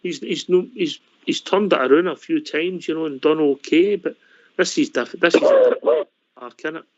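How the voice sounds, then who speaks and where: A man's voice: fairly high pitch, very animated, moderate pace, no room sound. A Scottish man hosting a casual fan radio phone-in, chatty and matey. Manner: chatty, matey sign-offs. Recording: lo-fi dry online call audio.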